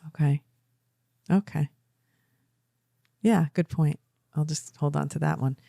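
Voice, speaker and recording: She's a middle-aged woman co-hosting a podcast, drifting through emotional, rambling stories in casual chat. Her deep, mellow voice moves slowly with vocal fry, and the recording is dry and studio-clean.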